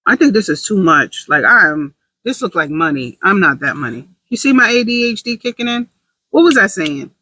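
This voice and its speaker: A woman's voice: mid-range voice, sharp tone, breathy edge, no echo, low-quality recording. A woman talking candidly to camera in a casual confessional vlog, rambling with self-deprecating humor. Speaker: vlogger.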